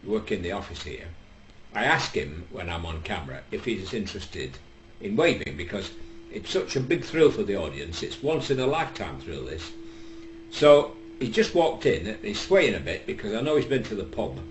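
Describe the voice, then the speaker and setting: A man's voice: lowish voice, moderate pace. Older Northern English man telling a rambling joke. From England. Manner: deadpan, digressive, lots of hesitations. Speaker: comic storyteller. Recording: echoey room with faint background hum.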